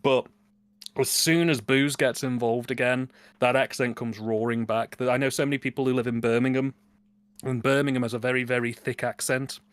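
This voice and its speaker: A man with a British accent jokes around and rambles on a livestream. His voice sits at an ordinary pitch, and the sound is close and dry with no room echo. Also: steady tone, normal speed. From United Kingdom. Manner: jokey, playful, rambling. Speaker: guest co-host. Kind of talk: casual chat.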